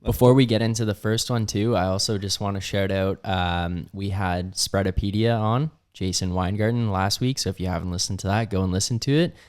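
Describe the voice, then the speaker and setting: A man with a fairly low voice, producing a sports betting podcast. He chats plainly, introduces the next segment and adds comments to the hosts' talk. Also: steady tone, a little fast, few pauses, darkish tone. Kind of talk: casual chat.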